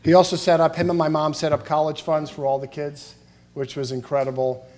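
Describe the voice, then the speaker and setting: A man's voice: on the high side, little pitch movement, a little fast, darkish tone. A middle-aged man at a podium microphone in a funeral chapel, giving a eulogy full of humorous anecdotes and chuckling through the stories.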